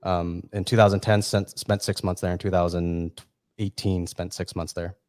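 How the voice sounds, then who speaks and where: Low-voiced, hesitant male guest. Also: little pitch movement, moderate pace, a little mellow. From United States. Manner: hesitant, with fillers. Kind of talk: casual chat.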